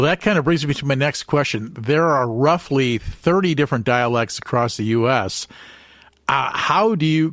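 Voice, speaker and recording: A man co-hosts a podcast and asks his guest questions in an easygoing, friendly way. His voice is mid-pitched. It is recorded dry and close. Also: no echo. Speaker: podcast co-host. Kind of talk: interview questions.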